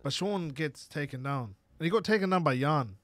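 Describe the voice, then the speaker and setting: Teasing young podcast co-host. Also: male voice, on the high side, expressive, normal speed, fairly bright tone, dry recording. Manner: teasing, questioning. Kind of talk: casual chat.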